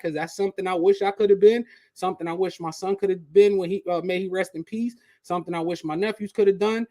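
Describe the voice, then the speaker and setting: A man hosting a casual live reaction stream, talking to his chat in a slangy, relaxed way. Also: sits high, dry recording, clean studio sound. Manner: slangy, talks straight to chat. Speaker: channel host.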